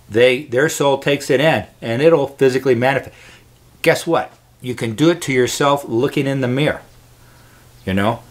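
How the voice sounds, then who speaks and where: A man hosting his own show, giving an earnest, rambling spiritual monologue to camera with many restarts. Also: mid-range voice. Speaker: host.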